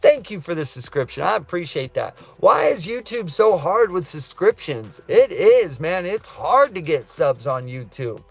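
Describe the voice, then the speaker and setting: A man's voice: fairly high pitch, sing-song, unhurried, gravelly, hardly any pauses, slightly rough, soft background music. A middle-aged man, a trucker, chatting casually on a live stream, reading viewer comments in a rambling, earnest way. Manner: rambling, earnest, says man and brother a lot. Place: truck cab.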